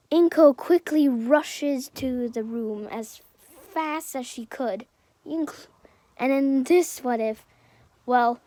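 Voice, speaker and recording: A woman's voice: sits high, takes it slowly, warm tone, no echo. A woman improvising a fan-fiction story aloud, hesitant and full of fillers and self-corrections.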